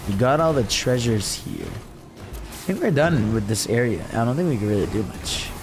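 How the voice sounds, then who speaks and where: A man's voice: medium pitch, wildly swooping pitch, normal speed, over music. A young man streaming a game from his room, chatting casually, humming tunes and cheering himself on. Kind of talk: casual gameplay commentary.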